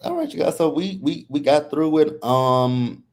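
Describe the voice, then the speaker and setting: A man co-hosting a casual live review chat, relaxed and chuckling, often restarting his sentences. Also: fairly high pitch, a little slow. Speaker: co-host.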